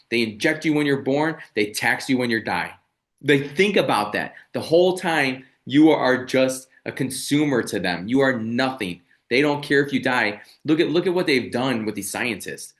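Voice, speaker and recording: A man's voice: mid-range voice, fairly bright tone. A man co-hosting a podcast, ranting in a heated, profane way. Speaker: podcast co-host. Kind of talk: casual podcast conversation.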